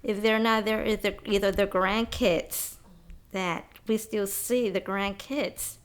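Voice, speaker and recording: Slow-talking woman with Spanish phrases. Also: mid-range voice, fairly even intonation, smooth. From North Side of Houston, USA. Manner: chatty, humorous, mixes in Spanish phrases. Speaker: interviewee. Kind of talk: personal oral-history account.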